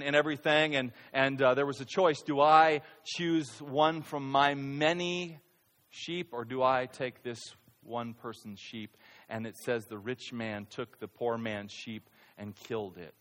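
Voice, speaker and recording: A man preaching a sermon as a pastor, swinging between loud, high-pitched outbursts and quiet, low delivery. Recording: reverberant hall.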